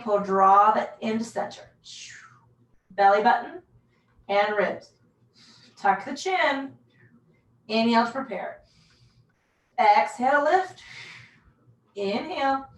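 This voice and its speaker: A woman leading a pilates class, calmly cueing breaths and moves in a casual, self-deprecating way. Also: medium pitch. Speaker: pilates instructor. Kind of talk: guided workout instruction. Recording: echoey room, mic far off.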